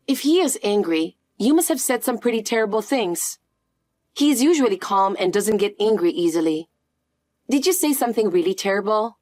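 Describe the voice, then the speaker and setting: A synthetic woman's voice narrating a story and speaking as the wronged daughter-in-law, in an even, flat delivery. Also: mid-range voice, moderate pace, no echo, studio quality.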